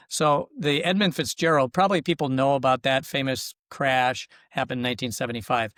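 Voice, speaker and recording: An older man with a Minnesotan accent, telling stories from his life in a reflective, thinking-aloud way. His voice sits at a middle pitch. The sound is dry and close. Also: gravelly, fairly bright tone, no room sound. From Minnesota, USA. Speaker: guest, local government consultant. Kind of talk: casual podcast interview.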